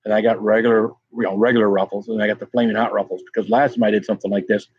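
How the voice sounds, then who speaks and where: On a dry, dull lo-fi recording, a man rattles off rapid-fire chatter in a level, breathy, somewhat low voice. He's running a laid-back pepper-tasting stream, wandering between topics and calling out viewers in chat by name.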